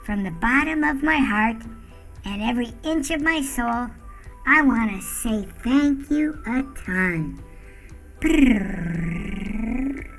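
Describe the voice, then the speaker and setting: A woman voicing a gentle, soft-hearted cat in a kids' puppet show, speaking in slow rhymes and purring. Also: on the high side, faint music behind, poor audio. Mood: tender. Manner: slow rhyming speech, purrs.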